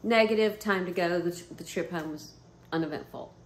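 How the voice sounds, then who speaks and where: A woman vlogger telling a story to camera in a casual, animated way, swearing freely and often breaking into laughter. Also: fairly low pitch, moderate pace, slight background noise. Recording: roomy echo.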